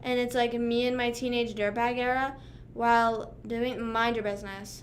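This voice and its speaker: Young female streamer, twenties, slightly high voice, casual slangy rambling chat, light background hiss. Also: fairly quick, a bit bright. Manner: chatty, slangy, lots of "like" and "bruh". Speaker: livestreamer. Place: home room.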